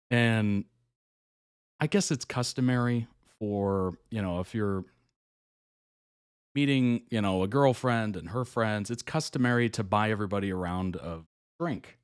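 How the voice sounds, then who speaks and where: A man in a casual, chatty recount, chuckling as he goes and slipping into animated voices for the people in his story. His pitch sits in the middle range. The recording is dry and close to the mic, with no room sound. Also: a little slow, clean tone, no echo. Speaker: reaction video host. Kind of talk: casual chat recounting a reality show.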